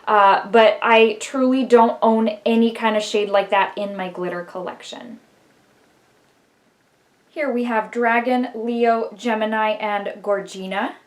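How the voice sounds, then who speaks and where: A middle-aged woman chatting casually through a makeup tutorial, laughing often and filling pauses with "um" and "like.". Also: a little high, steady tone. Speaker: beauty vlogger.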